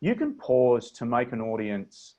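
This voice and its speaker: A man with an Australian accent coaching a webinar on speech over a video call, talking in a measured, deliberate way and demonstrating inflections. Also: medium pitch, very animated, mellow, dull audio. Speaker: presentation coach. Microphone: computer mic on a video call.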